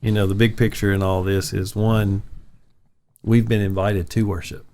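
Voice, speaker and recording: A pastor talks through his faith in a sincere, reflective way. His voice sits a little low for a man, and his tone is easygoing and conversational. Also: flat delivery, normal speed, dark tone. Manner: earnest, reflective storytelling. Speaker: pastor and podcast host. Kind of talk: casual faith chat.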